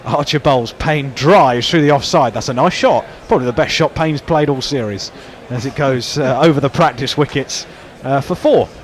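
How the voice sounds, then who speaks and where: Wry cricket commentator, outdoors. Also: male voice, medium pitch, normal speed, few pauses. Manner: wry, chatty, laughs easily. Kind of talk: live ball-by-ball commentary.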